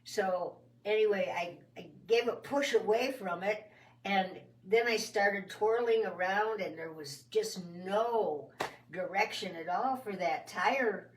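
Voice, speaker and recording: A woman telling a children's story in a folksy, expressive first-person way. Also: medium pitch, takes it slowly, recorded from a distance. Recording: roomy sound from off the mic.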